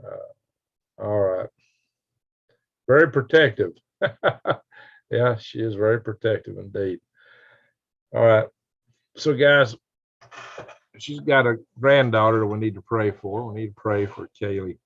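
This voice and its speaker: A man with a lowish voice hosts a casual live stream, reading viewer comments aloud in a folksy, chuckling way. He talks slowly with vocal fry and long pauses, and the lo-fi stream audio sounds dull.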